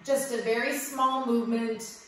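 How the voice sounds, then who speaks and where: A woman yoga teacher guiding a breathing class with gentle, affectionate cues, recorded in an echoey room from a distance. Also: a little high, steady tone, a little slow.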